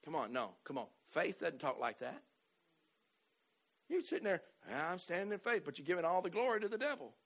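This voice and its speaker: A man's voice: fairly high pitch, sing-song, brisk, vocal fry, long pauses. A man preaching a sermon with a Southern American accent, emphatic and rhythmic, calling out to the congregation.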